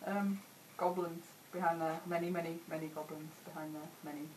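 A woman's voice: sits low, steady tone, brisk, darkish tone, a little hiss or hum, rough recording. A woman playing a tabletop game in a playful, giggly way. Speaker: player. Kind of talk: casual tabletop play.

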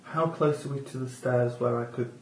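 A man's voice: medium pitch, steady tone, moderate pace, a little mellow. A man playing a tabletop game, casual and cautious, asking questions before he acts. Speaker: player. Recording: echoey room with faint noise.

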